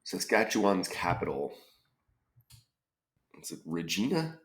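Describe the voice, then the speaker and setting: A deep-voiced man works through a crossword out loud, unhurried and tentative. He muses over each clue and trails off into questions, with a slow, measured delivery. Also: very animated. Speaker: crossword solver. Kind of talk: thinking-aloud puzzle solve.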